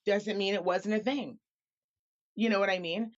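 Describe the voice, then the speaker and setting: Woman guest from Reno, mid-pitched, impassioned and emphatic, dull lo-fi sound. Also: steady tone, moderate pace. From Reno, Nevada, US. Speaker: podcaster guest. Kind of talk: earnest conversation.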